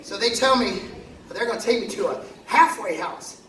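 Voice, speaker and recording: A man's voice: high-pitched, normal speed, pushed and bright, a little hiss or hum. A man on a concert stage telling a personal story in a loose, profane, self-mocking way. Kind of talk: live storytelling monologue. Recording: echoey live hall, distant mic, crowd.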